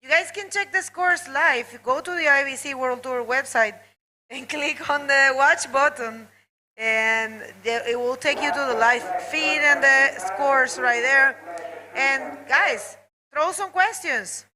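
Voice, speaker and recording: Brief: high-pitched woman, chatty live sports commentator, crowd noise behind. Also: unhurried, low-quality recording. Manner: chatty, greets viewers. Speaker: bodyboarding commentator.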